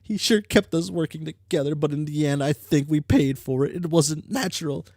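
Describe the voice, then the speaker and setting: A reader voicing a blunt, sharp-tongued teenage troll girl from a webcomic, with a dry delivery. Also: medium pitch, moderate pace, no room sound, pitched above the performer's own voice, natural voice. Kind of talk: reading comic dialogue aloud.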